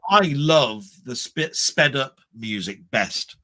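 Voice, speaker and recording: A livestream co-host rambles through stories in a stop-start fashion, full of repeated words, during a casual chat. He speaks slowly and animatedly at a medium pitch, his tone pushed and bright.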